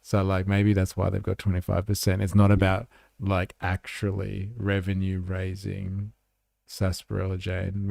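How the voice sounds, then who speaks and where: Gravelly chatty guy. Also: sits low, dark tone, no room sound, clean studio sound. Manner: chatty, says "like" a lot, talks back to chat comments. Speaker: livestream host. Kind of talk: casual livestream commentary reading chat.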